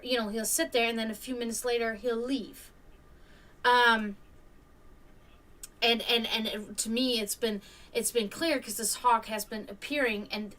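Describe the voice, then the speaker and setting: A woman's voice: medium pitch, a bit bright, distant mic. A woman hosting a stream, telling a story casually, rambling with many fillers and restarts. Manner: imitates hawk caws. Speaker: stream host.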